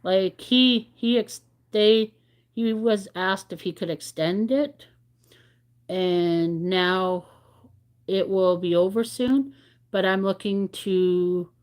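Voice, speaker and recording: Woman host, unhurried casual livestream chat, candid and rambling, reads viewer comments aloud. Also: mid-range voice, darkish tone, smooth.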